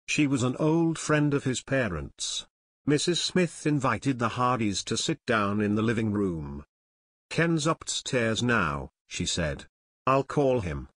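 A man's voice: mid-range voice, dry recording. Man reading an audiobook narration. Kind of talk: scripted narration.

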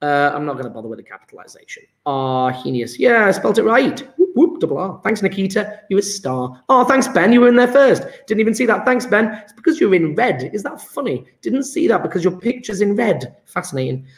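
Male chemistry teacher, upbeat and chatty, high-pitched, roomy echo on a computer mic. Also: sing-song, fairly quick, hardly any pauses. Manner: chatty, encouraging, quizzes students by name. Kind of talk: live online lesson. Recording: echoey room.

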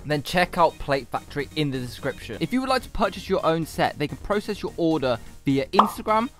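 Jokey guy showing car gear outdoors, bouncy up-and-down voice, music bed underneath. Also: fairly quick. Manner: excitable and jokey, with sudden high yelps. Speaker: car vlogger. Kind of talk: casual car accessory vlog.

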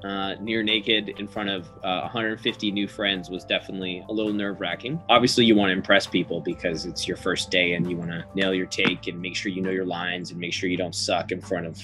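A young adult male actor telling a lively, self-deprecating story about his first day on set. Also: low-pitched, a little fast, hardly any pauses, music in the background. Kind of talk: anecdotal interview.

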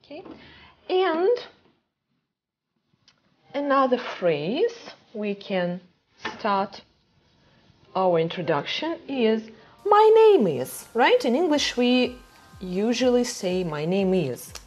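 A woman teaching a beginner language class, patient and repetitive, often checking understanding with "right?" as she repeats words slowly. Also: on the high side, very animated, a little mellow.

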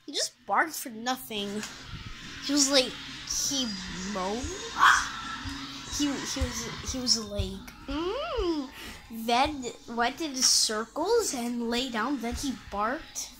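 A woman's voice: high-pitched, expressive, slow. A woman vlogging a casual tour of her home, rambling and offhand, chatting to her pets along the way. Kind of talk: casual house-tour vlog. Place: at home, indoors. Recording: loud background noise.

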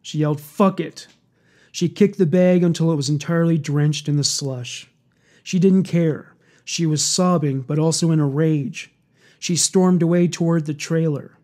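A man narrating a true-crime story in a steady, measured scripted read. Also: on the high side.

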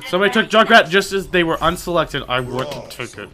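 A man's voice: fairly high pitch, expressive, fast talker, pushed and bright, soft background music. A young man alone at his desk mic, casually commentating his gameplay with brash, profane, sarcastic trash talk. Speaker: gaming video creator. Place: alone at home. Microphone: desk microphone and webcam.

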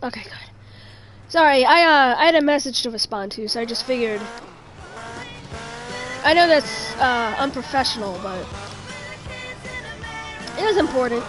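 A woman's voice: sits high, lively intonation, normal speed, pauses often, a bit bright, soft background music. A young woman giving live commentary while playing a video game, chatting with viewers and swearing in frustration.

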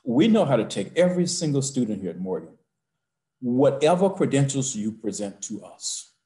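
A man's voice: mid-range voice, sing-song, dark tone. An older man, a university president, telling a heartfelt personal story over a video call from his office, building to rousing emphasis. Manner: slow, emotional storytelling rising to rousing emphasis.

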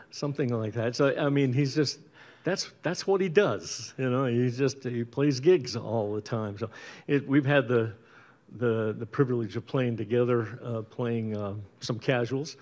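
A middle-aged man from Utah, a bandleader and guitarist, chatting casually between tunes at a concert in an easygoing, rambling way with many pauses and restarts. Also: mid-range voice, darkish tone. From Utah, USA. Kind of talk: casual stage banter introducing a concert. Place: indoor concert stage.

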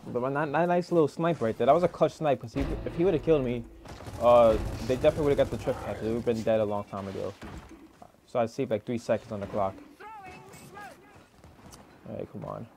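A young man giving rambling, excitable live commentary over a match, swearing often and filling gaps with "like" and "oh my god.". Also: medium pitch, brisk, creaky, pauses often, background noise. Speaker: gaming streamer.

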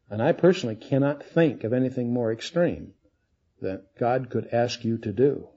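A man's voice: mid-range voice, warm tone, breathy edge. A man giving a conversational expository Bible teaching, asking his listeners questions as he reads through the passage. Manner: conversational, asks the audience questions. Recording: dull lo-fi recording.

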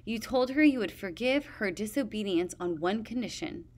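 Woman reader doing a stubborn male dragon guard for a storybook, steady and insistent. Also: medium pitch, natural voice. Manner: stubborn, measured testimony.

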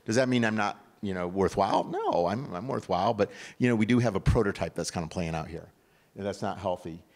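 An older man from upstate New York giving an animated, conversational conference talk, often restarting his sentences. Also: fairly low pitch, fairly quick. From upstate New York, USA. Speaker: conference speaker.

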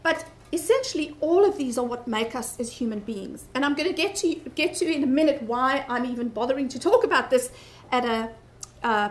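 A woman with a South African accent giving an earnest conference talk, often restarting her sentences. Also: sits high. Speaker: conference speaker. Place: conference breakout room. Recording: echoey conference room.

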